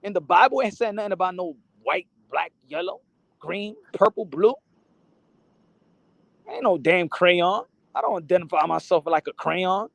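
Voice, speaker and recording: A man's voice: sits high, expressive, moderate pace, gravelly, no room sound. A man hosting a boxing channel, ranting casually to the camera, cursing often, stumbling over and repeating his words, and slipping into Spanish phrases. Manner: rambling and profane, stammers and repeats words.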